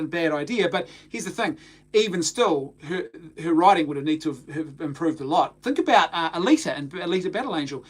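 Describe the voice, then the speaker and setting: A New Zealand man hosts a casual live stream, speaking in a lively, animated way. His pitch sits a little high, and he often stumbles, restarts and repeats words as he goes. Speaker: host of a film talk stream.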